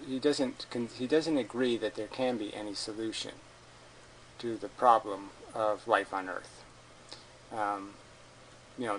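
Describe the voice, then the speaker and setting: A man's voice: fairly low pitch, slight background noise, poor audio. A man giving a combative, sarcastic commentary as a video host, swearing and mocking the people he argues against. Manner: mocks opponents in put-on voices. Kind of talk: ranting commentary.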